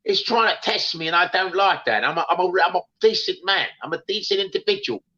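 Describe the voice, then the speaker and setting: A man's voice: high voice, animated, fast, sharp tone, exaggerated voice. A man voicing a brash, threatening London street geezer with a Cockney accent, boasting and swearing in a muffled lo-fi livestream call. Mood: menacing swagger. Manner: swaggering, threatening, profane.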